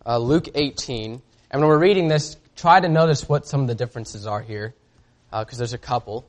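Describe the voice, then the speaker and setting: A man preaching a sermon in a casual, conversational way, reading scripture aloud and often pausing on fillers. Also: medium pitch.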